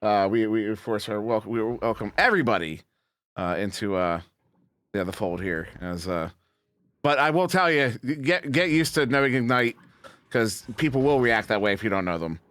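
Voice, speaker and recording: A man casting an esports match, goofy and rambling between plays, then excited play-by-play calls. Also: lowish voice, normal speed, no room sound. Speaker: esports caster. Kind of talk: play-by-play commentary.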